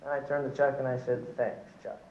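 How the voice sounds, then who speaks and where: A man's voice: medium pitch, monotone, fast talker, slight background noise. A man giving an earnest sermon full of stories, testifying and addressing his listeners as brothers and sisters. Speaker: church speaker. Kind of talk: sermon with storytelling. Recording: echoey hall, dull lo-fi recording.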